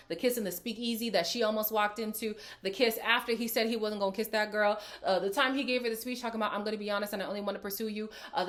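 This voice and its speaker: A woman hosting a reality TV recap, talking casually and frankly and acting out what the cast said. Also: medium pitch. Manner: candid, frank, acts out quoted lines. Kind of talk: casual reaction commentary.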